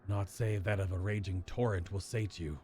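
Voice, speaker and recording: A man putting on a low, hushed Golbez. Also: steady tone, slight background noise, natural voice. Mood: grave. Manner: low, hushed, measured delivery. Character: brooding male armored villain, grave and calm.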